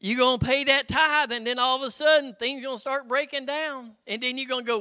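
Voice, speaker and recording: A man's voice: very high voice, fairly even intonation, fairly quick, few pauses, bright, forceful tone, clear, resonant tone. A middle-aged man preaching a sermon as pastor, in a folksy, conversational way with frequent "Hello?" call-outs and chuckles.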